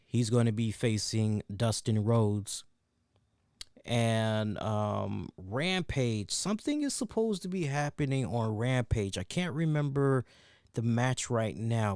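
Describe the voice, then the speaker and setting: Man, wrestling review host, casual chat, profane, animated, smooth voice, dry close sound. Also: medium pitch, dry recording. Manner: animated and profane, laughs at his own jokes.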